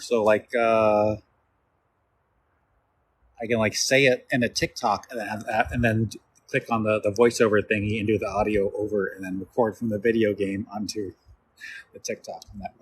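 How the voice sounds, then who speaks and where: Rambling low-voiced man on a live stream. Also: steady tone, moderate pace, a little hiss or hum. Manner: rambling, answers viewer questions with fillers. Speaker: cosplayer reading live chat. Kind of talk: casual live-stream chat.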